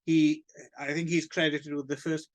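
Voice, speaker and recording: A man's voice: a little high, flat delivery, normal speed. A man co-hosting a book podcast in casual chat, wry and chatty. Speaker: podcast co-host.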